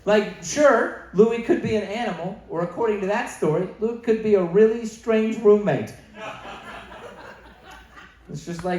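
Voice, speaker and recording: A man's voice: high-pitched, lively intonation, normal speed, darkish tone. A man with a Canadian accent doing a stand-up comedy set, telling a long story and acting out text messages in different voices. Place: comedy venue with audience. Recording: echoey room.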